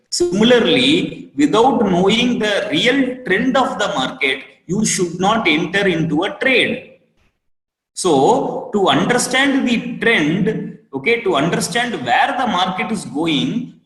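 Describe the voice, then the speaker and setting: Indian english guy teaching trading class, high-ish voice, says everything twice, roomy echoey sound. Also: a bit bright. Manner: repetitive, asks class for quick yes. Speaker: trading course instructor. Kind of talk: live online class lecture. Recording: roomy echo with long reverb.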